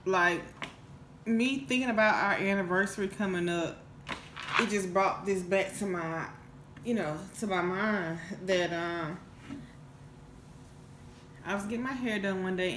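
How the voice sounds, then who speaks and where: A woman's voice: fairly low pitch, a bit bright, echoey room, slight background noise. A woman vlogger telling a casual storytime, rambling and earnest with lots of restarts. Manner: rambling, with many restarts and fillers; emotional, earnest. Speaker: mukbang vlogger.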